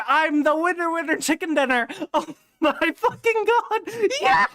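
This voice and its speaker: Excitable high-voiced young woman streamer. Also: takes it slowly, pauses often. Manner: excitable, swears, laughs often. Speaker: streamer playing a game. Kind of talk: casual let's-play commentary.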